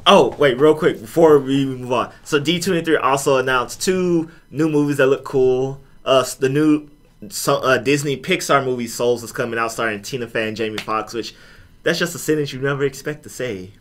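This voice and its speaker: A man's voice: medium pitch, normal speed. A man co-hosting a podcast, chatting casually about movies and shows, telling stories with acted-out quotes. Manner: animated storytelling, acts out quotes with laughter. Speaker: podcast co-host. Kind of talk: casual chat.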